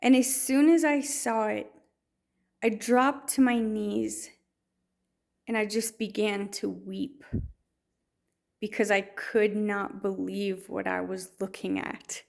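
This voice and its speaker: A woman's voice: medium pitch, fairly even intonation, takes it slowly, creaky, long pauses, a little mellow. A woman telling a personal faith story in a storytelling way, with many restarts and fillers. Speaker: testimony speaker.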